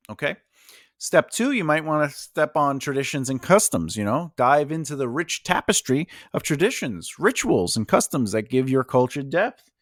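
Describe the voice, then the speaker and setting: A man's voice: medium pitch, dry recording, studio quality. A man from New York with a New York accent, hosting a casual writing lesson and rambling with lots of fillers. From Long Island and Brooklyn, New York. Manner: rambling, filler-heavy, conversational. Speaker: writing coach host. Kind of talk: casual teaching monologue.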